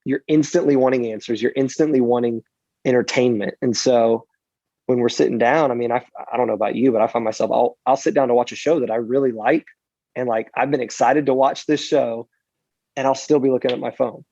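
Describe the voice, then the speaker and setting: A man who speaks and preaches professionally answers interview questions in an animated, self-deprecating manner, often restarting his sentences. His voice is mid-range and fairly quick, and the lo-fi recording has no room sound.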